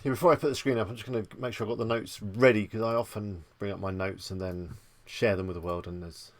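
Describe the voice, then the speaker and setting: A man's voice: lowish voice, steady tone, fast, no room sound. A man hosting a live stream, chatting with viewers in an easygoing, rambling way. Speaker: livestream host. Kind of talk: casual live-stream chat.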